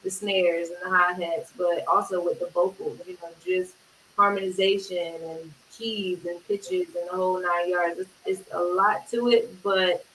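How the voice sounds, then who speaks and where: A woman, a music producer, chatting casually in an interview, agreeable and quick to chime in. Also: on the low side, steady tone, a bit bright. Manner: agreeable, talks in quick bursts, many "yeah"s. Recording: roomy, distant mic with faint hiss.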